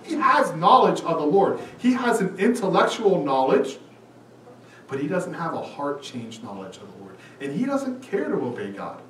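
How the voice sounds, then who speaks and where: Animated preaching man in an echoey room. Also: high-pitched, slight background noise. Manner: animated preaching, acts out quoted lines. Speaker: pastor. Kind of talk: sermon. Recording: echoey room, mic at a distance.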